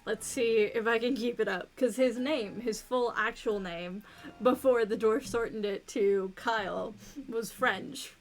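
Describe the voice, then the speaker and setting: A woman chatting quickly and playfully to her stream chat while she plays a cozy innkeeping game. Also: on the high side.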